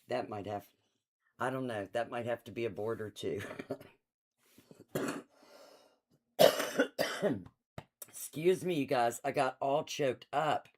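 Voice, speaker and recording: A middle-aged woman hosting a live quilt shop sale in her shop, chatty and enthusiastic, laughing often and reading out item numbers. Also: very deep voice. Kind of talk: casual live-stream sales chat.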